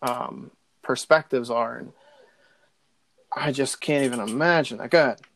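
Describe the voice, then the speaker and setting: A man's voice: mid-range voice, moderate pace, creaky, a bit bright. A man in casual chat, rambling with many likes and ums. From Pittsburgh area.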